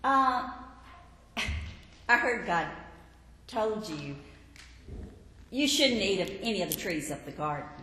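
A sly, smooth-talking serpent coaxes in a falsely friendly murmur, as a woman preacher puts him on. The voice swoops up and down as it wheedles. It rings through a roomy hall with a long echo. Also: medium pitch, big pitch swings, takes it slowly, long pauses, sharp tone, heavily acted. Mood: coaxing. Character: sly coaxing male serpent tempter. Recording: echoey hall, faint background noise.

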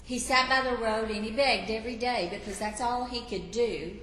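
A woman's voice: a little high, steady tone, normal speed, a bit bright. A middle-aged woman preaching an earnest sermon to a women's gathering, telling a Bible story dramatically. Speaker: women's ministry speaker. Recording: echoey hall from afar, faint room hum.

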